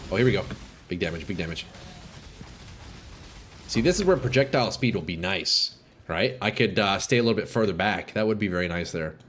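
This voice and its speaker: Animated, sniffly gamer guy. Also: deep voice, a little fast, pauses often, a little hiss or hum. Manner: excitable, swears, calls chat "bro" and "dude". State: sniffly from a runny nose. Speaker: streamer. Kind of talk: casual live gameplay chat.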